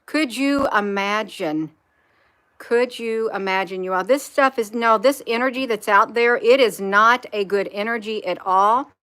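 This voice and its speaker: A woman's voice: mid-range voice, measured pace, fairly bright tone, clean tone. A woman talking earnestly on a live stream, repeating herself for emphasis and reading viewer comments aloud. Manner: repetitive, earnest, reads chat comments aloud. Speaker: spiritual vlogger.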